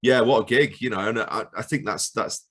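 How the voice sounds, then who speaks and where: A man's voice: lowish voice, fairly quick, fairly bright tone, husky. A man, a rock musician guest, chatting over a video call in a joking, self-deprecating way. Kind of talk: casual chat.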